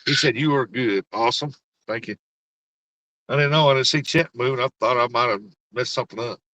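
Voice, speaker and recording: In a brisk, mid-range voice that sounds pushed and bright, an older livestream host chats while driving on icy roads, with poor audio but no room sound. He rambles in a folksy way, ribbing his passengers and addressing his chat.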